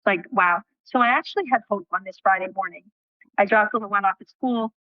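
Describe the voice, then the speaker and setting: A woman guest in an interview, telling a personal story in an animated way and acting out what people said, with casual swearing. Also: mid-range voice, fairly quick, no room sound, highs cut off.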